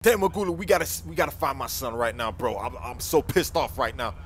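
A man's voice: medium pitch, expressive, a little fast, slight background noise. A man doing casual game role-play, talking urgently, worked up and slangy.

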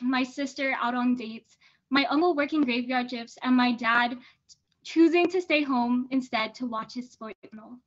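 High-voiced teenage girl reading her essay. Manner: earnest, steady reading with small restarts. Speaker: student reader. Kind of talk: reading a personal essay aloud. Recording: dull lo-fi sound.

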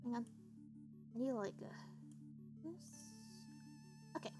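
Girl streamer rambling to chat while gaming, kinda high voice that bounces all over, swears a bit. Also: expressive, takes it slowly, music in the background. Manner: chatty, swears casually, talks to chat.

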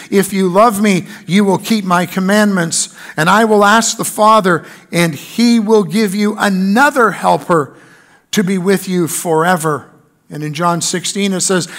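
A man's voice: high voice, a bit bright. A man preaching a sermon in church, reading scripture aloud and building emphasis on key lines. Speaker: pastor.

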